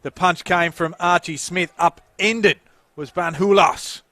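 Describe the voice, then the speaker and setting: Australian play-by-play caller, a touch high-pitched, dry booth sound, punches up the big moments. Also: male voice, pushed and bright, no room sound. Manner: lifts and quickens on the action calls. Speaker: play-by-play commentator. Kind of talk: sports commentary.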